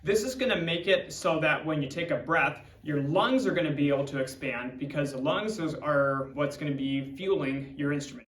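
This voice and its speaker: A man's voice: fairly high pitch, normal speed, hardly any pauses, fairly bright tone, distant mic. Man teaching clarinet in echoey room. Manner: clear step-by-step demonstrating. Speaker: music teacher. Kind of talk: instructional video lesson. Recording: roomy echo, from off-mic.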